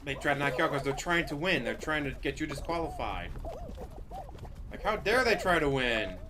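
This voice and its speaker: A man doing mocking, deadpan commentary over someone else's stream. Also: a little high, normal speed, a crowd in the background. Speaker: commentary host.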